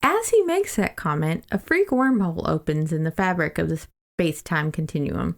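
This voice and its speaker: A woman's voice: deep voice, animated, normal speed, vocal fry. A young adult woman co-hosting a podcast, chatting casually as she sums up a book's plot with loose quoted asides. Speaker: podcast co-host. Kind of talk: casual book-club chat.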